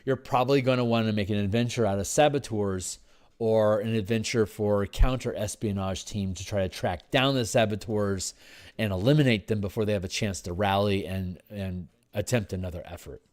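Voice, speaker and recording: A tired man working through game design on a livestream, thinking aloud with halting restarts and repeats. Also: lowish voice, fairly even intonation, darkish tone. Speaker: game designer streaming his work.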